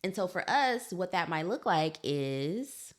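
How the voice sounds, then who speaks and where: A woman's voice: lowish voice, very animated, takes it slowly. A woman, hosting a solo parenting podcast in a conversational way, laughing easily and talking to her listeners directly. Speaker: podcast host, psychologist.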